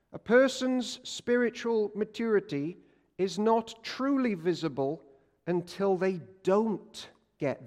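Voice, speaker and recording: A man preaches a sermon in a high voice, animated and joking as he keeps asking his listeners questions. His words ring out with the long reverb of a church hall. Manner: animated, jokey, asks the congregation questions. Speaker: pastor.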